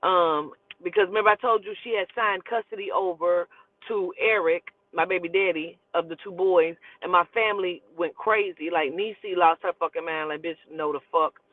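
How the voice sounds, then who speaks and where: A woman telling a personal story in a casual, profane, animated way and acting out the quotes. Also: fairly low pitch, moderate pace, no echo. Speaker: storyteller host. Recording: tinny phone-like line, dry.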